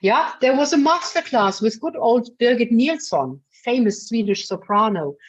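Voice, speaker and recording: A woman's voice: fairly high pitch, expressive, normal speed. A woman leading a singing masterclass, coaching a singer bluntly but affectionately and calling her darling. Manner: blunt, chatty, full of fillers. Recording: dull lo-fi recording.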